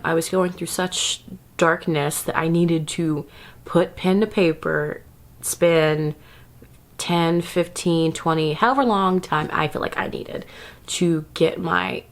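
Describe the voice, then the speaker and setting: A chatty woman vlogger talking straight to camera about self-care, with a slightly low voice. She laughs a lot and drifts into little asides as she goes. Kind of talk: casual advice talk to camera.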